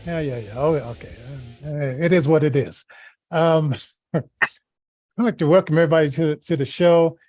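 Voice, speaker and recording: A man's voice: fairly high pitch, normal speed, darkish tone, dry recording, soft background music. A man co-hosting a talk show in a chatty, casual way, often stammering and restarting his sentences. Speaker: co-host.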